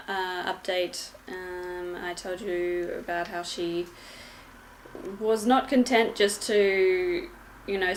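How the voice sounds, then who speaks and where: A woman's voice: lowish voice, a little hiss or hum. A young woman and new mother giving a casual vlog update at home, hesitant, with many ums and restarts.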